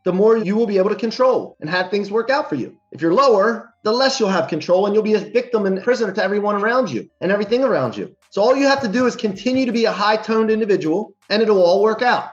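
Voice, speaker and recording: A man giving an energetic motivational talk to his weekly viewers, speaking emphatically and repeating phrases for punch. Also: sits high, lo-fi sound.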